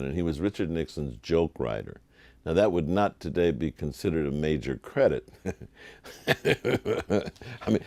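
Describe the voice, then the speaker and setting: An older man, a television producer, telling lively anecdotes in an interview and acting out the voices of people he quotes. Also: sits low, no echo. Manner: animated, acts out quoted voices.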